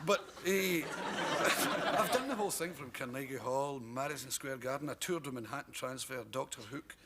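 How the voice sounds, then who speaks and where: A Scottish man, a comedian guest in his thirties, tells animated talk-show anecdotes in a TV studio and laughs through his punchlines. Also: medium pitch, moderate pace, very noisy. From Scotland. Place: TV studio with audience.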